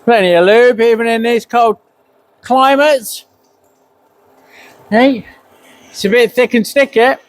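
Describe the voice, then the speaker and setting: A man's voice: very high-pitched, takes it slowly, long pauses. A middle-aged man, giving a muttered, swearing running commentary as he works in a cold workshop. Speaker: custom motorcycle builder.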